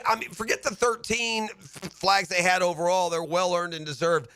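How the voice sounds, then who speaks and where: A man hosting sports talk radio from a studio mic, breaking down a game in an animated rant that climbs into shouting. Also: high-pitched, moderate pace, hardly any pauses, no room sound. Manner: animated ranting, building to shouts. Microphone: studio broadcast microphone.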